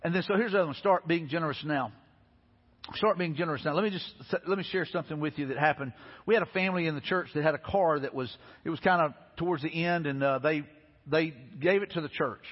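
A man preaching from the pulpit with a high, somewhat husky voice. He talks earnestly, repeating key lines and rising to emphatic peaks. The sound is dull and echoes through a large church hall, with faint music underneath. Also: quick pace. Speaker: pastor. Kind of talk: sermon. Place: church sanctuary.

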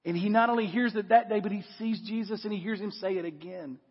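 A middle-aged man preaching a lively sermon in a church, dropping low for effect. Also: quick pace, breathy edge. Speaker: pastor. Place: church sanctuary. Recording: long hall reverb, dull lo-fi sound.

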